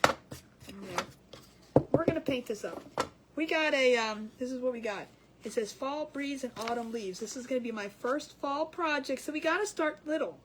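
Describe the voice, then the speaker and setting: A woman's voice: sits high, lively intonation, moderate pace, a little hiss or hum. A woman hosting a casual craft livestream, chatty and giggly, rambling with restarts as she works.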